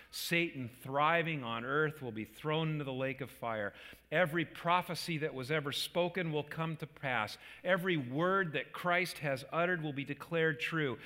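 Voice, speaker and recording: A man's voice: a little high, sharp tone, long reverb tail. A man preaching a sermon as a pastor, earnest, with repeated restarts and emphatic peaks.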